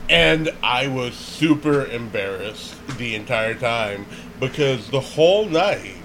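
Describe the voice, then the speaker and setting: A man's voice: mid-range voice, slow, slight background noise, low-quality recording. A man telling a funny story in casual chat, laughing often and acting out what people said. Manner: animated, laughs often, acts out quoted voices.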